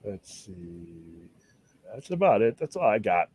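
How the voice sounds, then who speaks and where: A man hosting a casual stream chat, rambling and animated, swearing freely as he talks. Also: on the low side, slow, slightly rough. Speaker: show host.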